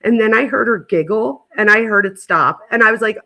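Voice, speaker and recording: A woman's voice: mid-range voice, brisk, sharp tone. A woman in her thirties hosting a casual chat, telling stories in a chatty way full of filler words. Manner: chatty storyteller, lots of "like" fillers. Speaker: host.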